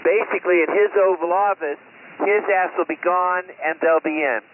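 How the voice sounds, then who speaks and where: A man's voice: high voice, steady tone, moderate pace. A man running an amateur radio net, using radio procedure and adding mocking asides while reading the news aloud. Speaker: ham radio net control operator. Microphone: radio transceiver mic. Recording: tinny two-way radio audio with noise.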